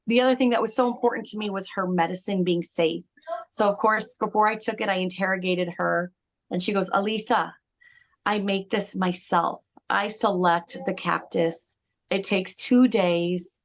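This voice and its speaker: A woman giving an earnest, halting spoken testimonial about a ceremony, with many restarts. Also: mid-range voice.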